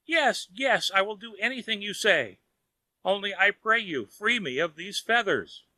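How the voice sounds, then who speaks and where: A man's voice: high-pitched, moderate pace, pushed and bright, no echo, pitched above the performer's own voice. A man voicing a lazy, miserly old man who wails and pleads in fear, in a children's audiobook. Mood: wailing despair. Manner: whining, wailing pleas. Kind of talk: audiobook character voice.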